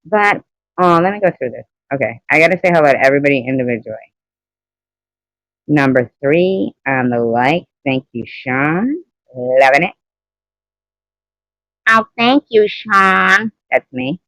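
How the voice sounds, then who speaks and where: A woman hosts a casual livestream on her phone, rambling, greeting viewers, reading out chat comments and laughing often between remarks. Her rumbling low voice has lively intonation and a moderate pace. The audio is poor but has no room sound.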